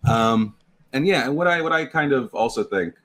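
A man talking casually on his livestream, halting and nervous, breaking into laughs between phrases. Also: mid-range voice, animated, a bit bright. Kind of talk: casual stream chat.

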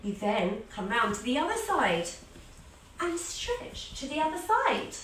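A woman's voice: high-pitched, big pitch swings, measured pace, fairly bright tone, recorded from a distance, slight background noise. A woman teaching a children's yoga class, telling a story as she guides the poses, playful and sing-song with animal sounds. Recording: echoey room, voice a little off-mic.

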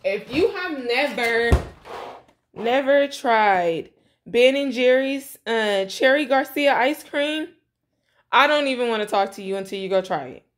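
A woman's voice: on the high side, expressive, a little slow. A young woman talking casually to her viewers from her home kitchen, chatty and blunt, calling them y'all. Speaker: vlogger. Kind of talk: casual grocery haul vlog. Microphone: camera mic.

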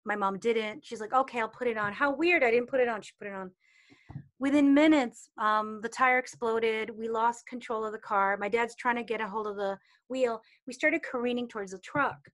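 A woman's voice: fairly high pitch, normal speed, fairly bright tone. A woman coaching on intuition in a casual teaching talk, expressively acting out inner voices and quoted people. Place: online community replay session.

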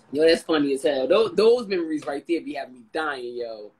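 Husky-voiced woman telling stories, slangy. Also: deep voice, low-quality recording. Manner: animated, slangy storytelling. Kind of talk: casual chat.

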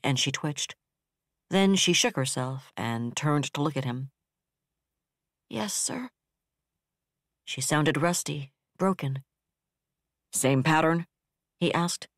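A man narrating a novel in a steady, measured reading. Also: fairly high pitch, dry recording, studio quality. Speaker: audiobook narrator. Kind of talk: scripted narration.

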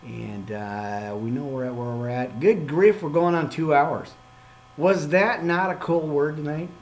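A man, a minister hosting a live podcast, signing off with excitable, playful talk, frequent amens and asides to himself. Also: a little high, measured pace. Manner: preacherly amens and exhortations.

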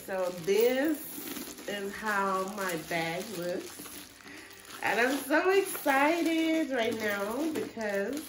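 A woman chatting excitedly in a casual vlog at home, gushing over an unboxing, a little stuffy from a cold; English is not her first language. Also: fairly high pitch, drawn-out words, noisy background. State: slightly congested from a cold. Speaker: vlogger.

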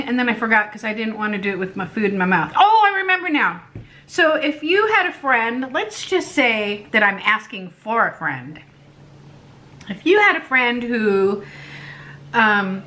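A woman's voice: fairly high pitch, sharp tone. A woman vlogger chatting casually to camera at home, self-deprecating and laughing often.

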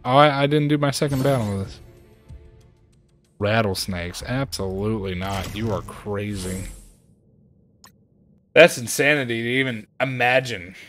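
A man streaming a game and chatting casually, ranting in an animated way and jumping to high exclaims. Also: measured pace, pauses often, faint music behind. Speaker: gaming streamer. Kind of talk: casual chat while playing a game.

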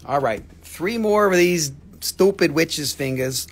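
Man, live-sale host: husky, gravelly, a bit higher than most, loose joking banter, keeps clearing his throat. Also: lively intonation, slow. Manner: joking, rambling, teasing viewers. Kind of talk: casual livestream sales chat. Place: shop studio, indoors.

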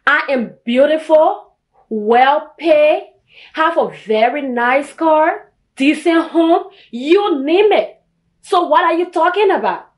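A woman's voice: mid-range voice, expressive, unhurried, long pauses, a bit bright, roomy sound, poor audio. An actress with a Liberian English accent playing a confident mistress, coaxing and boasting to a married man. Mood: boastful.

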